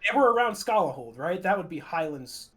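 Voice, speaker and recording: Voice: medium pitch, very animated, fairly quick, loud music behind the voice. Player thinking aloud at the table. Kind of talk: casual tabletop game chat.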